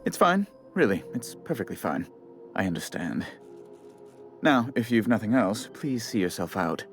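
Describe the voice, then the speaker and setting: A fussy, condescending corporate bureaucrat from a video game. His voice is on the low side but swoops up and down with mannered, prim emphasis. Soft game music plays underneath. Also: very animated, moderate pace. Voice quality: prim, theatrical, mannered delivery.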